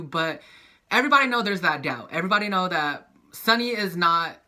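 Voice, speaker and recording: A young man casually recapping a soap opera, animated and profane, acting out the characters' lines. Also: on the high side, a little fast.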